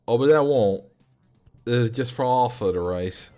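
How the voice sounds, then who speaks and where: A man's voice: medium pitch, normal speed, warm tone, faint music behind. A man whose first language is Dutch, joking with his chat in a casual livestream while he plays. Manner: jokey, bantering with chat. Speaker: streamer.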